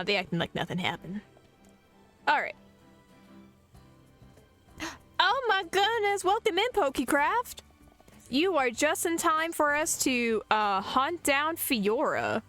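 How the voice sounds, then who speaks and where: A woman's voice: on the high side, a bit bright. Playful, laughing woman streamer. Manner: playful, laughing, jokey asides. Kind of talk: casual gameplay commentary.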